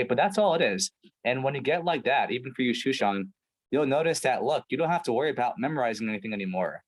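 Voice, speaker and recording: A man's voice: medium pitch, rough recording. A man coaching a sales team over a video call, talking emphatically with lots of "right?" and "like". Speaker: sales trainer.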